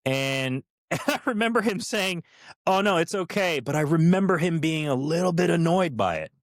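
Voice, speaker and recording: A man's voice: on the high side, sing-song, moderate pace, no echo, clean studio sound. A middle-aged man co-hosting a podcast, telling stories in a casual chat with many fillers and restarts. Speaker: podcast co-host, former cast member.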